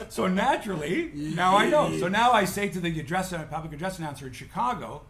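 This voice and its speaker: A man's voice: high voice, lively intonation, fairly quick, crowd noise. A middle-aged man co-hosting a podcast, telling a story in casual chat and acting out the announcers and other voices. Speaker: podcast co-host.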